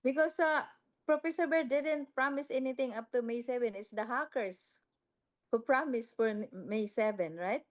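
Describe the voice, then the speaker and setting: A woman who leads a local office speaks from its small kitchen over a video call, explaining things and reassuring others in a halting way. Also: a little high. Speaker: local office leader answering questions.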